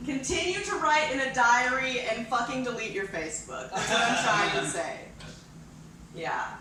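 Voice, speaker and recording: A woman's voice: a little high, expressive, moderate pace, bright, forceful tone, slight background noise. A woman doing a profane stand-up set, bantering with a crowd in a bar. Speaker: stand-up comedian. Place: bar with live audience. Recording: echoey room, far from mic.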